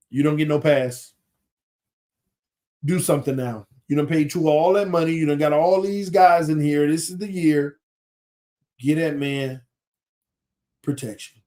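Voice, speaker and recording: A man's voice: on the high side, steady tone, normal speed, mellow. A man hosting a casual sports podcast, breaking down plays in an emphatic, colloquial way and repeating points for effect.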